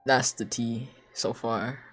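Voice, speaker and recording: Young adult streamer, casual chat, gossipy storytelling, acted-out quotes, mid pitch, soft music underneath. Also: fairly even intonation, slow pace. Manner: gossipy storytelling, acting out quoted people with gasps; filler-heavy, many "like"s. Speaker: live streamer.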